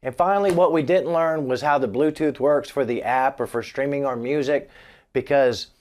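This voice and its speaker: A man's voice: medium pitch, moderate pace, a little mellow. Joking man demoing a guitar amp. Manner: joking, wisecracking asides. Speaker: guitar gear reviewer. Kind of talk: casual gear demo vlog. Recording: guitar playing behind the voice.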